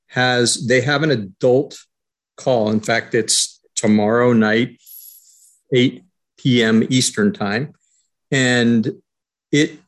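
A man in a support group video call, explaining at length with many restarts and repeated words. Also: medium pitch. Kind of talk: casual video call chat.

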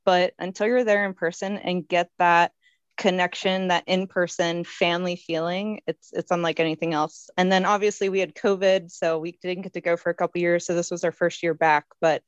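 A woman's voice: on the low side, fairly even intonation, moderate pace, clear, resonant tone, no room sound, dull audio. A woman on a group call, sharing her experience of a conference with earnest, heartfelt storytelling.

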